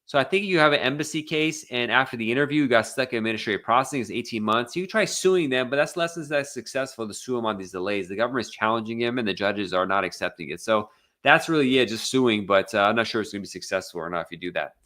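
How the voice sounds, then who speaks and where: A man's voice: mid-range voice, fast talker, pushed and bright. An American man hosting a live legal Q&A, speaking casually with many fillers and restarts. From United States. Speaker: immigration attorney hosting a live Q&A. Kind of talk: casual live Q&A, reading viewer questions.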